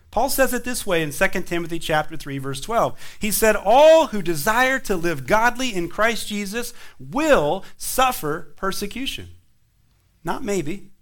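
A man pastor preaching a sermon, swinging between emphatic rises and quiet drops. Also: sits high.

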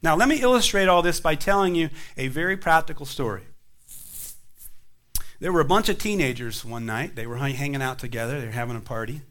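A man pastor preaching a sermon, swinging between emphatic rises and quiet drops. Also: on the high side, animated, fairly quick.

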